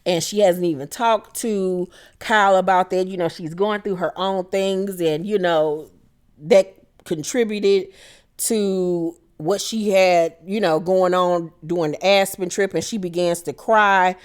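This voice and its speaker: A woman's voice: on the low side, steady tone, a little slow, clear, resonant tone. A woman doing a casual, profane reality TV recap, blunt and sassy, who laughs and mimics the cast.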